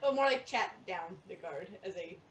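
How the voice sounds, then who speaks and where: A woman's voice: fairly low pitch, expressive, moderate pace, far from the mic, slight background noise. A woman playing a character in a tabletop game, playful and giggly. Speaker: player.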